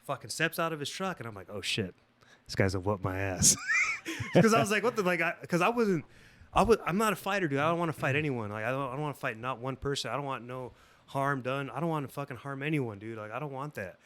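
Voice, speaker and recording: A man's voice: medium pitch, quick pace, a little hiss or hum. A man guesting on a podcast, telling a story in casual, rambling, swear-heavy talk. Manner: profane, rambling, animated.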